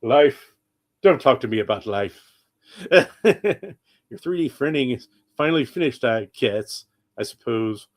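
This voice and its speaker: A man voicing a weary, gloomy male robot who speaks in a flat, mournful, sarcastic way. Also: medium pitch, takes it slowly, long pauses.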